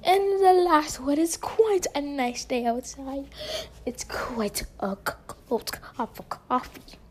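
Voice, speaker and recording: A showy fake-British tea lady, as a woman puts her on, high and unhurried, dropping into playful whispers between drawn-out words. She lingers over every phrase with a mock-posh air. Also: animated, background noise. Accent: put-on British.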